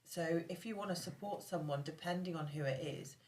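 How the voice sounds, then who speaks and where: A woman with a fairly low voice speaks in a relaxed podcast conversation. She is candid and reflective, working through her thoughts as she goes. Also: fairly quick, echoey room, far from the mic. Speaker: podcast co-host. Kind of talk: casual group chat.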